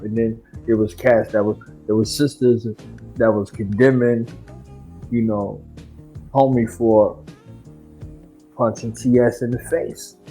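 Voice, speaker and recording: A man co-hosting a casual livestream, laid-back, adding wry asides and quick agreement. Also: medium pitch, dark tone, rough recording.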